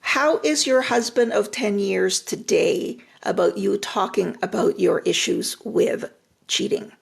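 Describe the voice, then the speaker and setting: Gravelly, husky older woman giving advice. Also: mid-range voice, a little slow. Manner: direct, reassuring, often repeats phrases. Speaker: retired relationship therapist giving advice. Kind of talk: live-stream advice talk.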